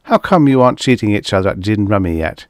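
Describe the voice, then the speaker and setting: A man's voice: fairly low pitch, expressive, quick pace, darkish tone, dry recording, clean studio sound. A man voicing a lofty, star-loving male astronaut navigator who quotes poetry and teases his crewmates with a haughty air. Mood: lofty teasing.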